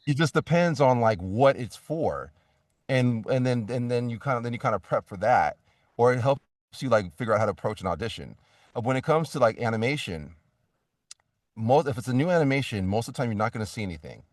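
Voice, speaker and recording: A voice actor talking casually as a guest in an interview, rambling with many restarts and fillers. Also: male voice, mid-range voice, expressive, fairly quick, no echo, clean studio sound, recorded from a distance.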